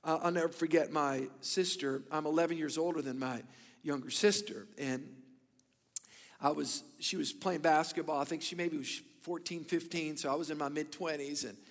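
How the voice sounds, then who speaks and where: A man in his thirties preaching a sermon, telling stories with bursts of loud emphasis and hushed, whispered asides. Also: fairly high pitch, moderate pace, long reverb tail. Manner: animated storytelling, swings between loud emphasis and hushed whispers. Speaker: pastor.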